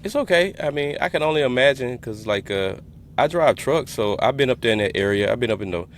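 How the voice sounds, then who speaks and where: A man's voice: mid-range voice, expressive, a little fast, slight background noise. A man hosting a podcast, chatting loosely with a guest, joking and wandering into asides. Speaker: podcast host. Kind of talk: casual interview chat.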